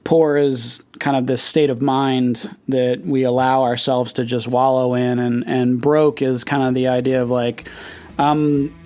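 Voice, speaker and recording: A man hosting a podcast, asking questions in a relaxed, hesitant way. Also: mid-range voice, a little slow. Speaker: podcast host. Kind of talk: casual interview chat.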